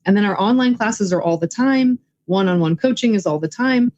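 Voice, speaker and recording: A woman's voice: medium pitch, animated, brisk, a little mellow, dull audio. A woman guest and filmmaker in a casual interview, talking enthusiastically with many fillers. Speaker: guest, filmmaker and writing coach.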